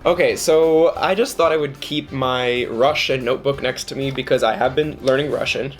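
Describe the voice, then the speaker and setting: A man telling a dating story to camera in a casual, jokey way, often jumping into high mock voices. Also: normal speed, hardly any pauses.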